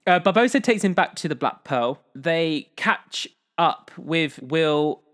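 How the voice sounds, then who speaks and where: A man's voice: a little high, animated, slow pace, fairly bright tone. Chatty man recapping a film. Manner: chatty, retells scenes with frequent laughter. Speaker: podcast co-host. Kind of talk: casual film recap chat.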